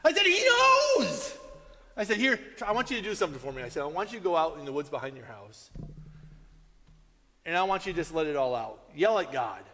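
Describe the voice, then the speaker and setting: Guy preaching a sermon, fairly high bright voice, big echoey room, gets really animated telling stories. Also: fast talker, slight background noise. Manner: animated storytelling, acting out quotes in raised voice. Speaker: pastor.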